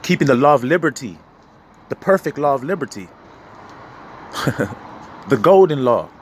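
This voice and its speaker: A man giving a preachy, freewheeling sermon, laughing often and swinging between loud and low. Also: lively intonation, normal speed, a little hiss or hum. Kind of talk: street sermon.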